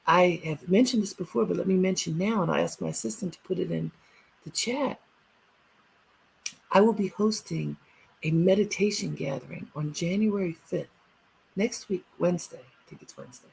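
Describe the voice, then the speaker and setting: A woman's voice: mid-range voice, gravelly, darkish tone, breathy edge, poor audio. A woman hosting a live inspirational broadcast, speaking earnestly and urging listeners on with repeated short commands. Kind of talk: motivational livestream talk.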